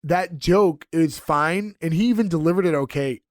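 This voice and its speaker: A man's voice: on the high side, moderate pace, dry recording, clean studio sound. A man co-hosting a podcast, casually recapping a TV episode with lots of fillers. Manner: conversational recapping with frequent fillers and laughs.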